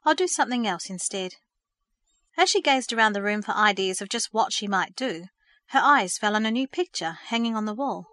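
Bright-voiced woman reading a story. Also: medium pitch, animated, brisk, no room sound, clean studio sound. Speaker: narrator. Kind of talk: scripted storybook narration.

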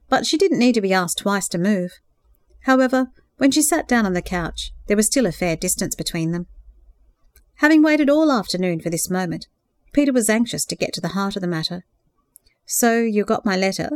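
A woman narrating a romance novel in a calm, even storytelling voice. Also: mid-range voice, a little fast, dry recording. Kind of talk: scripted audiobook narration.

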